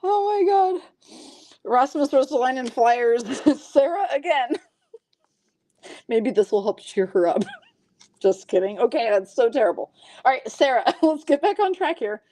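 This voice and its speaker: A woman with a fairly high voice hosts a live card break stream, calling out cards and reading the chat. She is chatty, pokes fun at herself, and keeps breaking into giggles. The sound is close and dry, with no room echo. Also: expressive, measured pace, dark tone. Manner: chatty and self-mocking.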